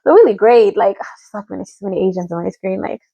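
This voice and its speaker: A woman's voice: mid-range voice, racing, gravelly, dark tone, slightly rough, dry recording, dull audio. A woman from Africa in a rambling, chatty review of a reality show, often mimicking what others said. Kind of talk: casual chat.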